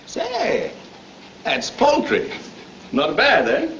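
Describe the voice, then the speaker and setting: An actor playing a warm-hearted, middle-aged Italian street peddler who speaks broken English with an Italian accent, chuckling and coaxing, in 1930s film acting. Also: male voice, extremely high pitch, huge pitch swings, drawn-out words, full character voice. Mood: cheerful teasing. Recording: muffled hissy 1930s film soundtrack.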